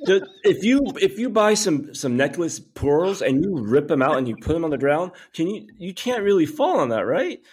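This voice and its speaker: A man's voice: on the high side, sing-song, moderate pace, few pauses, darkish tone, slightly rough. A man chatting casually with friends as a podcast co-host, asking questions and restarting his sentences. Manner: questioning, says bro, restarts often. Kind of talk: casual chat among friends.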